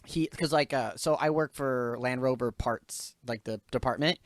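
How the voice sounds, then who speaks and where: A young man hosting a podcast, telling a story from his job in casual, animated chat, swearing often and laughing as he vents. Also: mid-range voice, normal speed, no echo. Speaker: podcast host.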